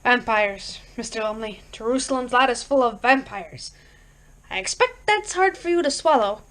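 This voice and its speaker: A woman's voice: a little high, lively intonation, moderate pace, fairly bright tone. A woman voicing a plainspoken older man, blunt and stubborn in a storybook reading. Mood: stern.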